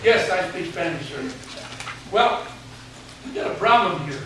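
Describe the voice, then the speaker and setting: A man's voice: high voice, expressive, measured pace, sharp tone. A man in his seventies, a retired teacher, tells a funny, folksy story to students in a speech. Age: 70s. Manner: humorous, folksy storyteller, mild swearing. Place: large hall with an audience. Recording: echoey hall recorded from far off, background noise.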